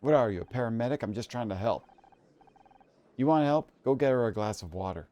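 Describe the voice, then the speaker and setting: A man's voice: mid-range voice, lively intonation, a little fast, warm tone, lightly acted. A man voicing a brash, bossy woman in a put-on Southern US accent. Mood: blunt. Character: brash middle-aged woman with a southern drawl.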